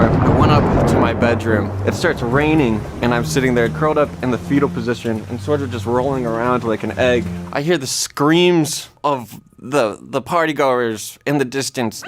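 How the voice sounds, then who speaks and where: A man telling a comic personal story in an animated way, his voice climbing high when he panics.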